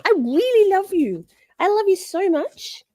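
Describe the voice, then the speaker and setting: A woman putting on a silly voice for her excitable, adoring pet dog. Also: very high voice, a little slow, dry recording, studio quality, voice pushed up, exaggerated voice.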